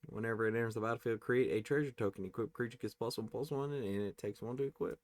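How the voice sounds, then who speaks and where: A man hosting a casual pack-opening video, reading card names aloud and tossing in quick offhand reactions. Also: medium pitch, no room sound. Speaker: card-opening channel host.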